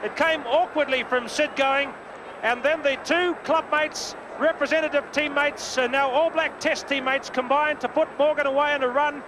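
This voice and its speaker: A man giving brisk live rugby play-by-play commentary, lifting his voice on big plays, from a worn old videotape broadcast. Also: very high-pitched, fairly even intonation. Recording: worn old VHS broadcast with crowd noise.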